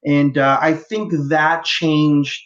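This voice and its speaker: A man's voice: on the high side, flat delivery, slow pace, fairly bright tone. A man in his thirties from Los Angeles, talking as a podcast guest in an eager, rambling way with many fillers and restarts. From Los Angeles, USA. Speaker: guest, fan. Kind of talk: casual podcast interview. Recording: dull lo-fi audio.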